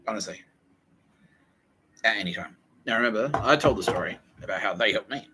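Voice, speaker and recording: A man's voice: lowish voice, fairly quick, noisy background. A man hosting a comedy podcast, rambling through a jokey monologue and swearing heavily. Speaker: podcast host.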